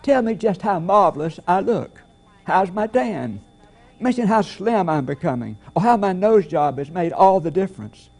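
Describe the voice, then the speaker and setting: A man's voice: sits high, animated, normal speed, vocal fry, a little mellow, full character voice. A man preaching does an impression of a vain comedian gushing about looks.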